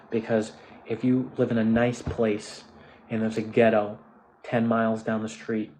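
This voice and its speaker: Ranting casually on camera, an American vlogger in his twenties swears a lot, restarts his sentences and leans on fillers in a restless way. His voice is medium in pitch with a darkish tone, and the audio is poor.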